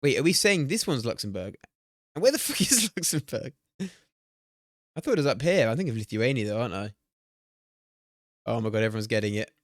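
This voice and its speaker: Brief: young male streamer, excitable and sweary, animated delivery, dead-dry mic. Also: mid-range voice, brisk, pauses often, no room sound. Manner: excitable, swears and laughs often, talks to chat. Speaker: streamer hosting a watch party. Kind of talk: casual live-stream chat while playing a guessing game.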